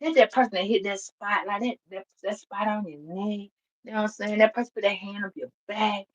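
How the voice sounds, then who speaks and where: A woman giving a casual spiritual reading, blunt, profane and animated, laughing often. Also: mid-range voice, fairly quick, highs cut off. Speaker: tarot reader.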